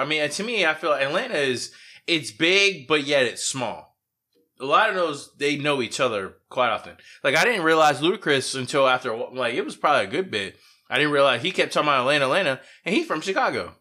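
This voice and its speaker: Animated man in casual podcast chat. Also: a little high. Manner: animated, laughs often. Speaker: podcast co-host.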